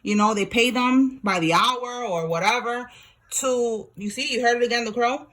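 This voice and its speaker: A woman giving a casual tarot reading, talking straight to her viewers in a blunt, slangy way with swearing and quick laughs. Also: a little high, a bit bright. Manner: talks to viewers directly while pulling cards. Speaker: tarot reader.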